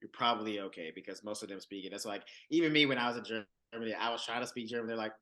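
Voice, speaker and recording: A man co-hosts a podcast in quick, eager chat with a bright, forward tone. He rambles and restarts his sentences as he tells his stories. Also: on the low side. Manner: enthusiastic, rambling, restarts often. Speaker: podcast co-host. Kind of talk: casual chat.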